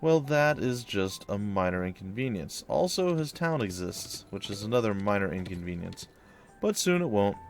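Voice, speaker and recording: A man's voice: fairly low pitch, very animated, moderate pace, soft background music. A young man giving casual, wry commentary over a strategy game as he plays. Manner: wry, sarcastic, puts on silly voices for enemies. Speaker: let's play host.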